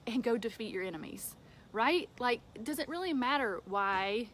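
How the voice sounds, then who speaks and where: A woman giving an informal devotional talk from home, conversational, with fillers and soft laughs. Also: fairly high pitch, animated, moderate pace, a little hiss or hum. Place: home with a dog nearby.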